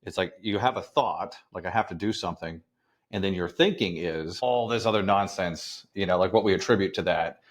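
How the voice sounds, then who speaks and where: A man's voice: sits low, normal speed, few pauses. A man co-hosting a podcast, telling a rambling personal story in casual chat.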